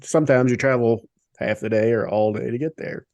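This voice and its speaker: A man's voice: mid-range voice, fairly quick, darkish tone, dry recording, muffled recording. A man hosting a podcast, asking questions and joking with his guests. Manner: joking interviewer. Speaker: podcast host. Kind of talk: interview questions.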